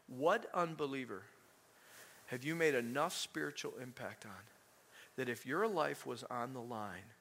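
A man preaching a sermon in an animated, conversational way, full of rhetorical questions to the congregation. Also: mid-range voice, unhurried.

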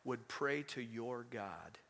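A man preaching a sermon in an animated, conversational way, full of rhetorical questions to the congregation. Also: mid-range voice, slow pace, gravelly.

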